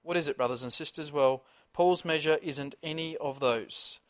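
A man delivering a sermon in a fairly high voice. He preaches with fervour, pressing the congregation with rhetorical questions. He swings from loud emphasis to hushed asides. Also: moderate pace. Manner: impassioned, rhetorical questions, big swings in loudness.

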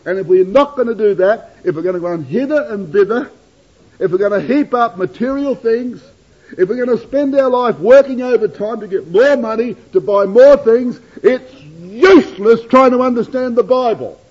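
Husky high-voiced male preacher, earnest sermon, dull old recording. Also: animated, normal speed, a little mellow. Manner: earnest, rhetorical repetition.

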